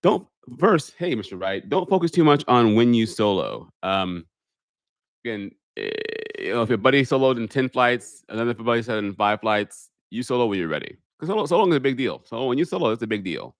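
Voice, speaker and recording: A middle-aged man, an airline pilot, casually chatting on a live stream, reading out viewer questions and answering them in a relaxed, talkative way. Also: mid-range voice, a little fast, no room sound, studio quality.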